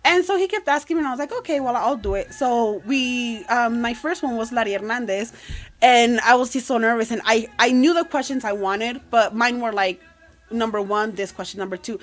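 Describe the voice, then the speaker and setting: A woman's voice: a little high, normal speed. A woman, a podcast guest telling long casual anecdotes with plenty of fillers. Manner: chatty, code-switching anecdotes with many fillers.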